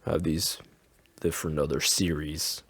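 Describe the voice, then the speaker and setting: A man's voice: a bass voice, measured pace, breathy edge, no echo. Chatty man telling a story, dry sound. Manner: animated storyteller, acts out quotes, laughs often. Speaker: podcast co-host. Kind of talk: casual chat.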